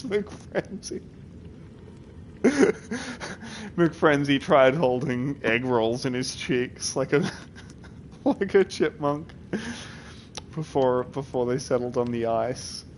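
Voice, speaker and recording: A man's voice: mid-range voice, lively intonation, slow, pauses often, slight background noise. A man streaming live, chatting casually with his viewers, rambling and laughing often. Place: at his computer.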